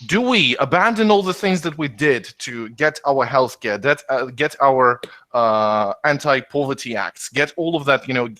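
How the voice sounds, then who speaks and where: A man co-hosting a podcast, making long, animated political arguments in casual discussion. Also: medium pitch, normal speed, few pauses, dry recording. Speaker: podcast co-host.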